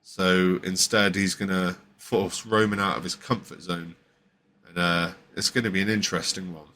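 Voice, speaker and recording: A man's voice: deep voice, steady tone, moderate pace, pushed and bright. A male podcast host giving a casual, rambling recap with many fillers and restarts. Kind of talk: casual wrestling show recap.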